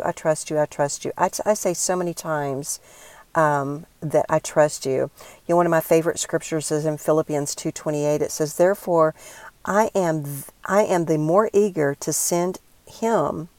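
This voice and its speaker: An older woman speaking in an earnest, encouraging way, giving a devotional talk and leading listeners through a quiet prayer exercise. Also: low voice, no room sound. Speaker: Christian speaker.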